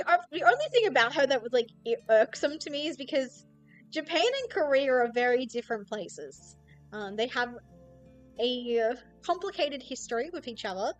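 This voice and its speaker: A young woman chats casually on stream. Her voice sits a little high, and she rambles through stories, slipping into mock quotes as she goes. Faint music plays quietly underneath. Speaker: VTuber streamer. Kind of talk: casual chat.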